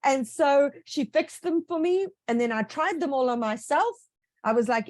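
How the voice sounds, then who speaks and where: A woman author talks about her writing in an eager, storytelling way, full of asides. Her voice sits a little higher than most women's. The sound is close and dry, with almost no room around it. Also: normal speed, no room sound. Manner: lively, enthusiastic storytelling with asides. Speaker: author being interviewed. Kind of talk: casual interview answers.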